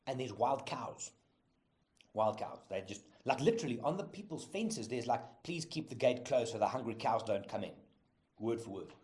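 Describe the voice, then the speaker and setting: Middle-aged South African host, casual storytelling monologue, animated and profane, mid pitch. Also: male voice, normal speed. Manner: animated, profane, laughs often. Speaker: podcast host.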